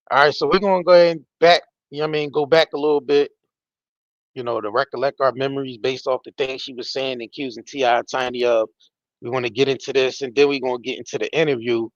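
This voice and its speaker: A man's voice: mid-range voice, dry recording. A man hosting a live stream, giving casual commentary in loose, slangy, emphatic talk and swearing freely. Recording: dull, dry lo-fi audio.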